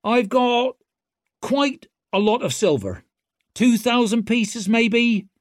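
A man's voice: extremely high pitch, lively intonation, takes it slowly, no echo, clean studio sound, pitched above the performer's own voice, exaggerated voice. A man voicing a brash, sly young woman leader who talks with cheeky mock-innocence. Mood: cocky.

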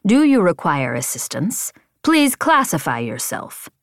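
A woman voicing a calm, courteous alien patrol pilot who speaks formally. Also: lowish voice, measured pace, creaky, no echo, studio quality, heavily acted.

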